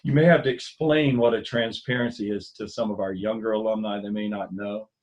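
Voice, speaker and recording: A man's voice: fairly low pitch, a little fast, dull audio. A middle-aged man from the US mainland, a former school ministry coordinator, telling stories in a casual interview over a video call and acting out the voices of the people he quotes. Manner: animated storyteller who acts out quoted dialogue with a lifted voice.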